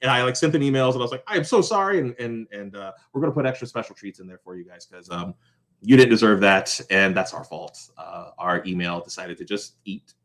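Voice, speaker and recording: A man's voice: fairly low pitch, fairly quick, fairly bright tone. A man hosting a casual vlog update from home, rambling and apologetic, with many ums and restarts. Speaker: host of a small crafts business channel.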